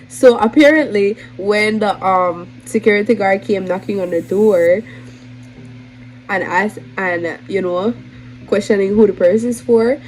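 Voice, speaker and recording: A woman's voice: mid-range voice, measured pace, darkish tone, soft background music, poor audio. A young woman with a Belizean accent adds a chatty voice-over to her vlog while editing it. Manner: chatty, casual. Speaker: vlogger.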